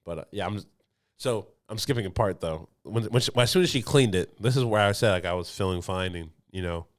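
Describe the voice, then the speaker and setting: Animated man telling a crude story. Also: brisk. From United States. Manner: animated, acts out quotes with big pitch jumps. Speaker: podcast co-host.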